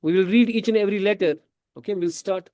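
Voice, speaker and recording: A man with a high voice and darkish tone teaches a tajweed class in a classroom, explaining slowly, questioning his students, repeating points and sometimes switching into Hindi. The studio recording is clean, without echo.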